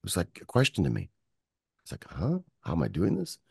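A man's voice: deep voice, a little fast, gravelly, slightly rough, no room sound, studio quality. A man from Michigan, a music producer and guest, telling stories in an interview and acting out the voices of people he quotes. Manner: animated storyteller acting out quotes. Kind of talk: storytelling interview.

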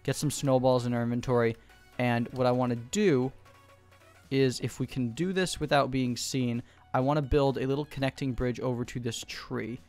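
A man giving fast, excitable gameplay commentary from home, repeating short calls in quick bursts. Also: mid-range voice, soft background music. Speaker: gaming YouTuber. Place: home room.

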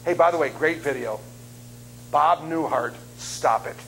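A man in his fifties preaching as a guest speaker, telling funny stories in an animated, self-deprecating way. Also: on the high side, a little slow, slight background noise, low-quality recording. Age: 50s. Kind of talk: humorous sermon storytelling. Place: church sanctuary.

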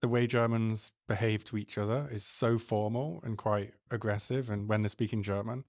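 Relaxed man hosting a chat. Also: lowish voice, moderate pace, no echo, studio quality. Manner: relaxed, chatty, breaks into laughter. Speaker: podcast host. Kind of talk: casual chat.

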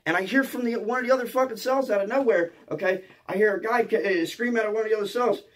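A comedian from Philadelphia telling a comic story in a profane, excitable way, often stammering and restarting and checking in with "okay?". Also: male voice, high-pitched, quick pace.

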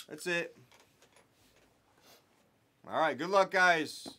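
A young man talks easily and casually as he hosts a live sports card break, chatting and joking with the people watching. His voice sits a little on the high side. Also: very animated, moderate pace, fairly bright tone. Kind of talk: casual live stream chat.

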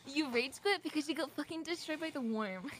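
High-voiced teasing woman gamer. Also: brisk, a bit bright. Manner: teasing, swearing, laughing banter. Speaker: guest streamer. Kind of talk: casual gaming stream banter.

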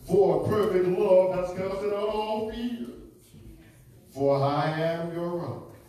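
Man voicing a slow, solemn God. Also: high voice, warm tone. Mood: reassuring. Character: voice of God, calm and reassuring. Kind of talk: church skit voice-over. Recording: echoey church hall, distant mic.

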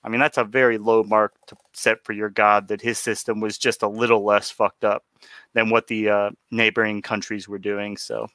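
Bright-voiced man with a casual opinionated monologue. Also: fairly low pitch, level tone, moderate pace. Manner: conversational, opinionated, with fillers and restarts. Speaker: podcast co-host.

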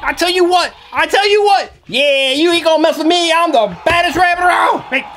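A woman's voice: very high-pitched, fairly quick, a little hiss or hum, pitched above the performer's own voice. Woman doing a tough bragging little rabbit. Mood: feisty bragging. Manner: boastful, shouting threats.

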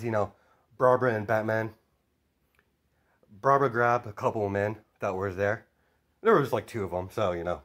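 A man's voice: on the low side, a bit bright. A man telling an improvised story in a loose, rambling way, with many fillers and chuckles.

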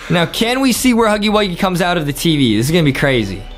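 A man's voice: high voice, sing-song, fast, over music. A man co-hosting a gaming channel, giving hyped, exclamatory gameplay commentary. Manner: hyped and exclamatory, says bro a lot.

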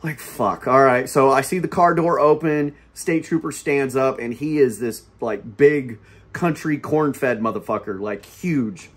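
A man hosting his channel, telling a story in a casual, animated, profane way. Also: medium pitch, unhurried, slightly rough. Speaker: channel host.

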